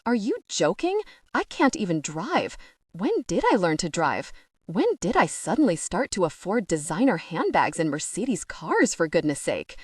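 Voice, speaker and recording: A woman's voice: lowish voice, big pitch swings, husky, no room sound, clean studio sound. A British woman voicing a panicky, incredulous young woman of twenty-eight who has lost her memory. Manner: panicky, incredulous, quick bursts.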